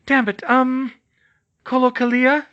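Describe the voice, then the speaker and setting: Male narrator doing a brisk, sharp-tongued young witch, raised pitch. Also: level tone, lo-fi sound, full character voice. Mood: tense. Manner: urgent, commanding.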